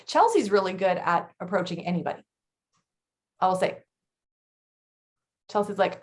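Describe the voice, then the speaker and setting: A woman in her thirties co-hosting a casual chat, blunt and chatty with quick laughs. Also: medium pitch, very animated. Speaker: podcast co-host.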